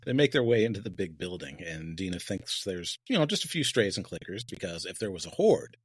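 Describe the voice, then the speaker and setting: A man's voice: low-pitched, sing-song, brisk, slightly rough, dry recording. A man co-hosting a podcast, recapping a TV episode in casual chat with wry jokes and frequent laughs. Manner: wry, laughs often, throws in joke bits. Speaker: podcast co-host.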